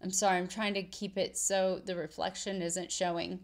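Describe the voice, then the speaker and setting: A woman's voice: fairly low pitch, flat delivery, normal speed. A woman vlogger chatting casually about her stitching and quilting projects, rambling and correcting herself as she goes. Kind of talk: casual chat.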